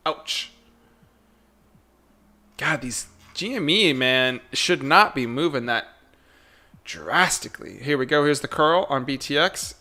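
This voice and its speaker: A man at a mid pitch, streaming his stock trades live and talking half to himself, half to chat. He mutters in a loose running commentary, repeating short phrases over and over, then breaks into quick excited outbursts. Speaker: live day-trading streamer.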